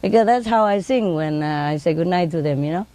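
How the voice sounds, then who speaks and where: A woman speaking English with non-native grammar, telling laughing stories about her birds and mimicking them in a high voice. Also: fairly quick, dark tone. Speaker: bird owner telling stories. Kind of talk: casual storytelling.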